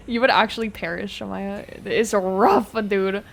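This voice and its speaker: A young woman streaming a game live, excitable and laughing often, swearing freely and using casual gamer slang. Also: mid-range voice, takes it slowly, gravelly. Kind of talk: live-streamed gameplay chat.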